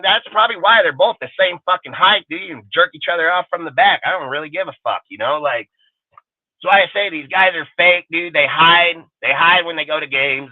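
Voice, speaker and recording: Cast a brash, profane man ranting live, slightly high voice, dry tinny call audio. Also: no room sound. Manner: brash, swaggering, heavy swearing, swings loud and quiet. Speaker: podcast panel host. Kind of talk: profane livestream rant.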